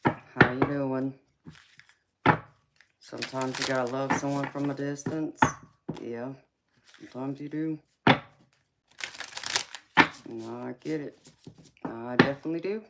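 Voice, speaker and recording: A woman's voice: rumbling low, steady tone, unhurried, vocal fry, pauses often. A woman with a Southern drawl, chatting casually with viewers while she reads tarot cards on a live stream. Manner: laid-back, chatty, reads cards aloud and greets viewers. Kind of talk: casual live-stream chat and card reading. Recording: loud background noise.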